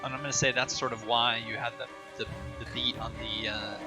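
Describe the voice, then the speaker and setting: A man narrating as game master of a tabletop game, halting and full of fillers. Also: mid-range voice, little pitch movement, over loud music, rough recording.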